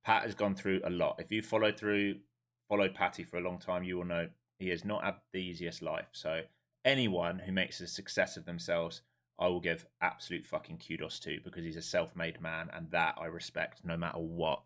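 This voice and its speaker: A man's voice: low-pitched, level tone, moderate pace, fairly bright tone. A man live-streaming his day trading who talks bluntly, swears freely and fires questions at his viewers before answering them himself. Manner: wound up and emphatic.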